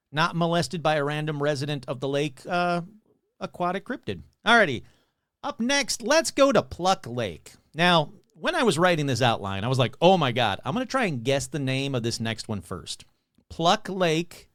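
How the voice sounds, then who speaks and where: A man's voice: fairly high pitch, fairly bright tone, dry recording, studio quality. A man hosting a podcast who talks in a sarcastic, rambling, self-mocking way. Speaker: podcast host. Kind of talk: casual comedic chat.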